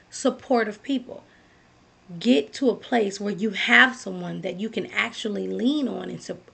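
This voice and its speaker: A woman's voice: medium pitch, creaky, slightly rough. A woman giving a motivational talk, earnest and direct, repeating key phrases as she speaks to the listener.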